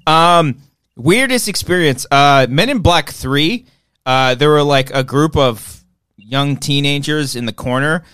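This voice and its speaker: A man co-hosting a podcast, telling profane, animated stories in casual chat. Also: a little high, a little slow, smooth, no echo, studio quality. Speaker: podcast co-host.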